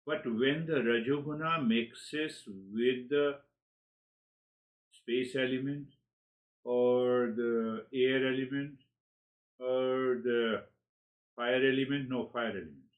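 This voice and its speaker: A man teaching a spiritual lesson in an animated, searching way. He repeats words like "you, you" as he reaches for the next thought. His voice sits at an ordinary middle pitch for a man. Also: very slow, pauses often, phone-quality sound. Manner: animated, acts out inner dialogues with sudden laughs. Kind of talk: spiritual lecture to seekers.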